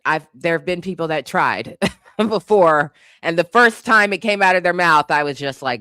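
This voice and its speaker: A woman's voice: deep voice, moderate pace, sharp tone, no room sound, clean studio sound. A young woman hosting a casual livestream, reading chat guesses aloud, laughing often and teasing with casual swearing.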